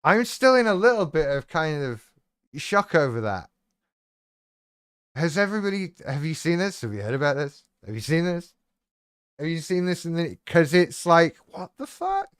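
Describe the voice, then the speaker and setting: A man's voice: on the high side, animated, normal speed, clean tone, dry recording, studio quality. A man hosting a live stream, chatting casually in a rambling, irreverent, sweary way and reacting to viewers' comments.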